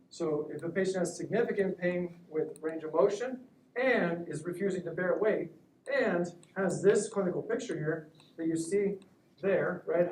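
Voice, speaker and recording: A man gives a classroom lecture as a surgeon teaching students, keeping it conversational and checking in with "right?" after nearly every point. His voice sits a little high for a man. The recording is roomy and taken from across the room, with a faint hum of ambience behind him. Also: a little mellow. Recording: echoey room, recorded from a distance.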